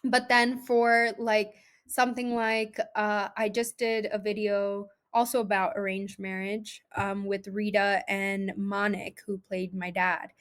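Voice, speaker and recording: A woman's voice: mid-range voice, flat delivery, a little slow, few pauses, fairly bright tone. A young adult woman, an actress guest in a casual interview, talking chattily with many "like"s and "um"s. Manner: chatty, heavy use of "like" and "um".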